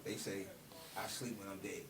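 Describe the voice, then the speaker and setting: A man's voice: low-pitched, flat delivery, normal speed, a crowd in the background. A man interviewing a guest in a casual chat, asking loose, rambling questions. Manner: loose, rambling questions with "you know what I'm saying". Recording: roomy, distant mic, audible background noise.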